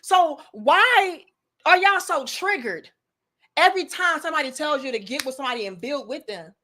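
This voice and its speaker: A woman's voice: high-pitched, a bit bright. A young adult woman hosting a commentary talk, ranting bluntly and profanely in a preachy way. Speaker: commentary host.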